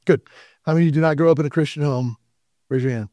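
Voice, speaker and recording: Speaking straight to the congregation in a church sanctuary, this pastor delivers his sermon casually, with asides and bits of quoted dialogue. He has a fairly high, dark-toned voice, racing along, and there's no echo on the recording.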